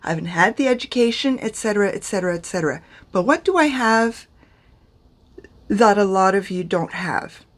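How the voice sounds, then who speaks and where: Talking at normal speed with lively intonation, a middle-aged French beauty vlogger coaches pronunciation straight to camera. Her pitch is medium, and she comes across as chatty and self-deprecating.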